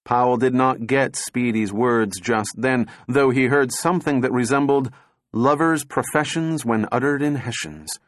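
Measured male audiobook narrator. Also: mid-range voice, no room sound, studio quality. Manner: measured, dramatic storytelling. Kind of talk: scripted narration.

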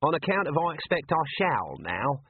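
A man's voice: fairly high pitch, sing-song, moderate pace, slight background noise, voice pushed up. A man reading an audiobook voices a scruffy, cheeky male corporal with a chirpy manner. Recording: tinny phone-like line, dry.

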